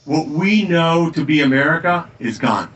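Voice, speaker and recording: Forceful, emphatic campaigning man. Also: fairly high pitch, normal speed, distant mic, highs cut off. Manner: anecdotal, emphatic, energetic. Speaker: political candidate. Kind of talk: campaign stump speech. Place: tavern, indoors.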